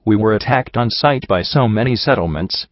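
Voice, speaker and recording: A man voicing a calm, measured female alicorn goddess who speaks for a hive mind, in an audiobook reading. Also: lowish voice, no room sound, close to an everyday voice. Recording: dull dry recording.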